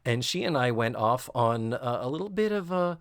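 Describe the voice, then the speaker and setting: Animated, sarcastic male podcast host. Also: mid-range voice, normal speed, no echo, clean studio sound. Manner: animated, sarcastic, acts out quotes with rising shrieks. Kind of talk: casual episode recap.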